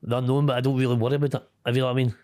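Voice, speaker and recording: A man's voice: medium pitch, little pitch movement, very fast, a little mellow, no echo. A middle-aged Scottish man talks frankly in a close, dry recording, with no room sound around him. His speech is blunt and peppered with casual swearing, and he laughs easily between thoughts. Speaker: interview guest. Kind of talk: candid conversational interview.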